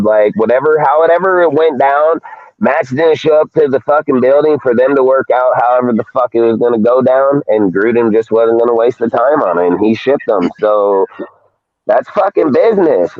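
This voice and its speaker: A man hosts a casual sports talk podcast, ranting heatedly and swearing a lot. His voice is medium-pitched, with no room sound, and the audio is dry and tinny like a phone.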